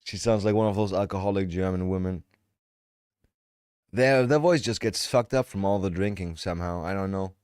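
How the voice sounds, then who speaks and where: A man's voice: low-pitched, normal speed, darkish tone, clean tone, dry recording, clean studio sound. A man livestreaming, reacting to videos with joking, profane live commentary.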